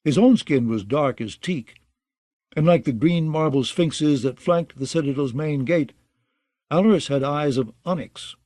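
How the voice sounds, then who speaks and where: A man narrating a fantasy audiobook in a steady, even reading style. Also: fairly high pitch, a little slow, no room sound.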